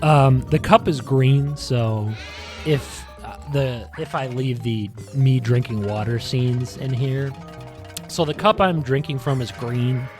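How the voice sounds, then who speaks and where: Guy rambling on his podcast, lots of like and you know, normal pitched voice, faint music under. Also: takes it slowly. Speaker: podcast host. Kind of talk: casual retrospective monologue. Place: in front of a green screen.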